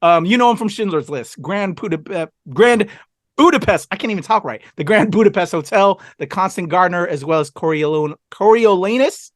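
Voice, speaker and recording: High-voiced enthusiastic man reviewing films. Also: expressive, moderate pace, no room sound, clean studio sound. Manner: enthusiastic, rambling with fillers. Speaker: podcast co-host. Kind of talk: casual film review chat.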